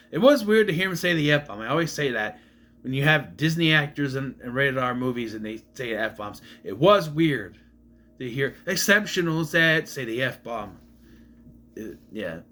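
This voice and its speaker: A man gives a loose, rambling movie review straight to camera, his bright voice swinging widely in pitch. He trips over himself, restarts sentences and swears bluntly. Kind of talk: casual film review to camera.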